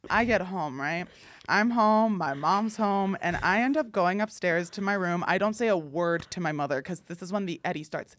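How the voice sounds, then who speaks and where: A young woman hosting a podcast, telling a story casually with many fillers and acting out quotes loudly. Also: on the low side, moderate pace, a little hiss or hum. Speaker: podcast host.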